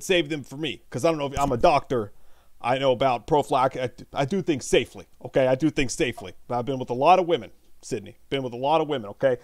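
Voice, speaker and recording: A man playing a sleazy, boastful male doctor who rambles smarmily with lots of halting fillers. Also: medium pitch, dry recording, clean studio sound, lightly acted.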